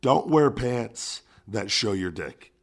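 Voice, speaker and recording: A man in his thirties hosting a podcast, telling a gym story in casual, profane, animated chat. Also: lowish voice, takes it slowly. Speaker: podcast host.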